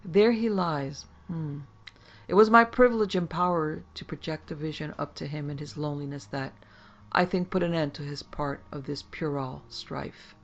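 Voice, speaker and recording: Woman putting on a creepy posh old sorcerer, tiny foreign accent, sneery, gravelly. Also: low-pitched, normal speed, dull audio. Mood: scornful. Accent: faint foreign accent. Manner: well-bred, superior, menacing. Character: gaunt sinister old gentleman sorcerer, scornful.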